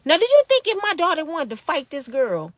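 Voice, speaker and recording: A woman's voice: high-pitched, wildly swooping pitch, a little fast, dry recording. A woman in her fifties giving an impassioned personal monologue, emphatic and indignant, repeating her points. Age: 50s. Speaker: vlogger telling her own story.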